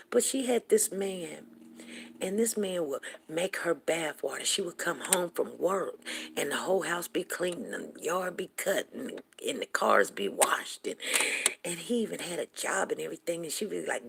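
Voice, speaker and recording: Chatty woman with a gravelly edge. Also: lowish voice, a little hiss or hum. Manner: chatty and animated, quick laughs, mimics friends' voices. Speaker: show host. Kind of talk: casual storytelling to viewers.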